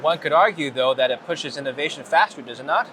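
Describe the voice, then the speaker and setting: A man's voice: on the high side, expressive, fast. Probing male interviewer outdoors with traffic. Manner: direct, probing questions. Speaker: news anchor interviewer. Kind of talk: interview questions.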